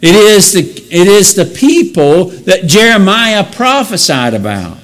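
A man's voice: sits high, sing-song, unhurried, fairly bright tone. A man teaching a Bible lesson in an explanatory way, asking rhetorical questions and correcting himself as he goes. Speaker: preacher.

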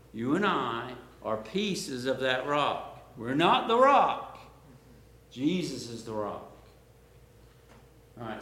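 Slow, emphatic preacher in an echoing hall. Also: male voice, medium pitch, a bit bright. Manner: explanatory, rises to emphatic points, asks the audience questions. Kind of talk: sermon Bible teaching. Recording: roomy echo.

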